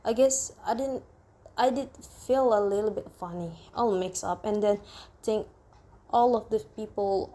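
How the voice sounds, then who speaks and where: A woman's voice: fairly high pitch, mellow. A woman voicing a touchy young newlywed bride who keeps picking a quarrel, in an insistent, reproachful way. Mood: flustered.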